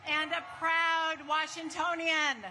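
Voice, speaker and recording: High, bright woman addressing a rally. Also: level tone, slow pace, slight background noise. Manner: enthusiastic, warm greeting to the crowd. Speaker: advocacy leader, guest speaker. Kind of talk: rally speech. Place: outdoor protest rally.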